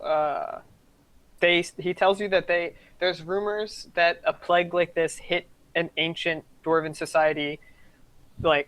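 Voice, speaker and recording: A man's voice: a little high, a bit bright, clean tone. A man narrating a tabletop game as game master, rambling with many fillers.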